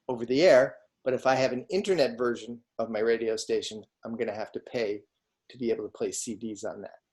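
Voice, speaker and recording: A man lecturing on law over a video call, with a mid-pitched voice. He speaks conversationally and keeps asking his students whether they follow. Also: darkish tone. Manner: conversational, asks students frequent questions. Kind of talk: online lecture.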